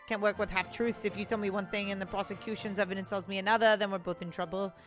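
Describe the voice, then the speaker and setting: A woman's voice: medium pitch, flat delivery, fast, faint music behind, close to an everyday voice. A woman reading a blunt male bird defense lawyer in a game, brusque and commanding. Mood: pressing.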